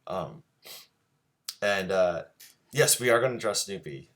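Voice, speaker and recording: Male art teacher hosting a live stream, deep voice, relaxed and rambling with fillers. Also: slow. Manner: easygoing, filler-heavy, chatty with viewers. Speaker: drawing teacher and show host. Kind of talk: casual live-streamed drawing lesson.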